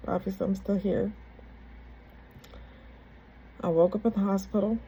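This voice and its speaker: Woman, casual personal storytelling, candid, halting, warm mellow tone. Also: mid-range voice, fairly even intonation, husky, rough recording. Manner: candid, conversational, halting retelling.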